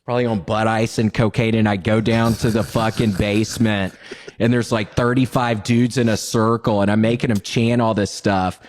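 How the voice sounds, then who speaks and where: A man's voice: on the low side, flat delivery, normal speed, a little mellow. A man guesting on a podcast, telling frank and crude anecdotes in casual chat.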